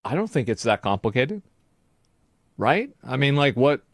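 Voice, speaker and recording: A man's voice: mid-range voice, very animated, moderate pace, dry recording, studio quality. A man in a played video clip reacting with exasperated disbelief.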